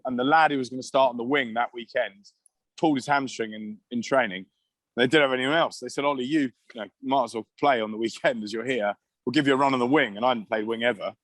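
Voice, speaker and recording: A man's voice: medium pitch, a bit bright, no echo. Rambling middle-aged man, dry mic. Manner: rambling anecdotes with many restarts and laughs. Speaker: guest, former rugby player. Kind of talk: casual storytelling chat.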